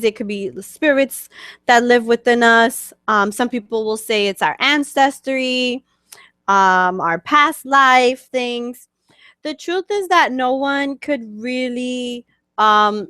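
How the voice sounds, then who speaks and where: A woman's voice: on the high side, fairly bright tone, no echo, clean studio sound. A woman with a New York accent, a spiritual coach answering viewer questions in a casual, chatty teaching talk full of fillers and "okay?" check-ins. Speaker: spiritual coach hosting a webcast.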